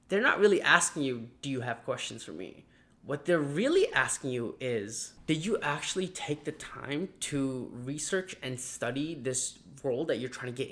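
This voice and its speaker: A man coaching viewers on job interviews in a direct-to-camera vlog, energetic and animated, now and then acting out quick mock dialogues. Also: fairly high pitch. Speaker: marketing coach.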